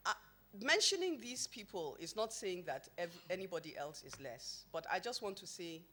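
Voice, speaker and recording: A woman, a company founder, speaking at a podium microphone before an event audience, mixing a formal speech with humorous, emphatic anecdotes. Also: medium pitch. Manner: humorous storytelling, emphatic and lively.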